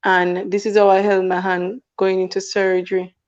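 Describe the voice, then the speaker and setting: Earnest woman giving a flat-toned testimony. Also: medium pitch, normal speed, clean tone, dull audio. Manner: earnest, repeats herself and restarts phrases. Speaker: guest sharing a testimony. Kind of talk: personal testimony in a radio talk interview.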